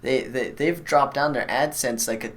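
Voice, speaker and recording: A man's voice: mid-range voice, normal speed, a bit bright. A man hosting a live stream, chatting bluntly and rambling with many fillers while he builds a computer.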